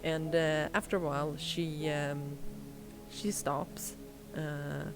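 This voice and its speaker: Woman, game master, low voice, slow, hesitant narration. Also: flat delivery, over music. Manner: hesitant, many fillers.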